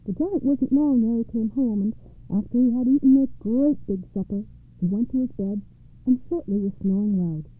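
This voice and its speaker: A woman reading fairy tales aloud in a steady, rhythmic storytelling manner. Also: a little high, normal speed, no room sound. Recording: tinny phone-like audio.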